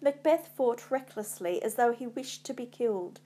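A woman reading a retold classic tale aloud as a storyteller, in a measured storybook manner. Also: fairly high pitch, expressive, mellow.

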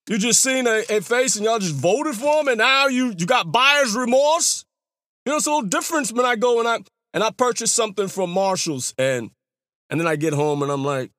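A man from New York talking casually in a long monologue. He rambles, restarts his sentences often and throws out rhetorical questions in a sing-song, animated way. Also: extremely high pitch, moderate pace, dry recording. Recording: hip hop music playing behind.

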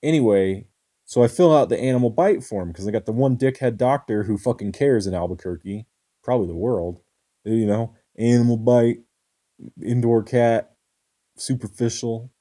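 A young man talks with a deep, dark, mellow tone, his delivery loose and laid-back. He tells his story casually and drops curse words freely along the way. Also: moderate pace.

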